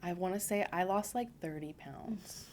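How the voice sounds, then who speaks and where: A woman's voice: lowish voice, moderate pace, slight background noise. Chatty young woman retelling moments. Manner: chatty, acts out her own past lines in quotes. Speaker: podcast guest. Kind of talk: casual conversation.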